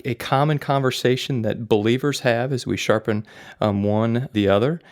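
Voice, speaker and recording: Gravelly-voiced man hosting a faith podcast. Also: medium pitch, darkish tone. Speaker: podcast host. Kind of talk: casual faith discussion.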